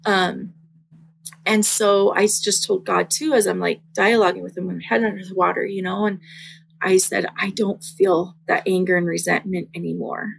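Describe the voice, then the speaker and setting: A young woman sharing a personal faith testimony in casual conversation, earnest and halting, with many fillers. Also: on the low side, fairly even intonation, gravelly, husky, low-quality recording.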